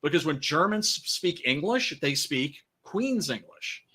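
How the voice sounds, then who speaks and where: A man's voice: on the high side, big pitch swings, measured pace, pushed and bright, slightly rough. A man hosting a casual film podcast, rambling loosely with lots of fillers and swearing. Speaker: podcast host.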